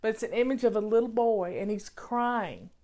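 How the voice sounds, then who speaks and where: A woman's voice: on the high side, normal speed, darkish tone. A woman talking casually to her viewers at home over afternoon tea, earnest and repeating her points for emphasis. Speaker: vlogger. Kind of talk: casual talk to camera.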